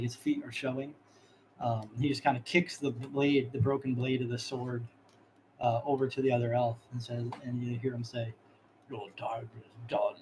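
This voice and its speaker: A man's voice: mid-range voice, darkish tone, slight background noise, low-quality recording. Casual man narrating a tabletop game. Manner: casual, descriptive, loose narration. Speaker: game master.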